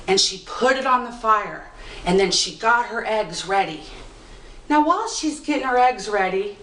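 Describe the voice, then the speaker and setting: Expressive woman telling a folk tale. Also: fairly high pitch. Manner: expressive, dramatic pacing with slowed emphasis. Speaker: storyteller. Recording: roomy, distant mic.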